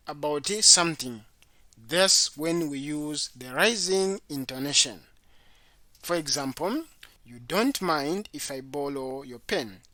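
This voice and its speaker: A teacher giving an exam-prep grammar lesson, deliberately repeating each example aloud. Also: mid-range voice, pushed and bright, dry recording. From Zambia. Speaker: English teacher.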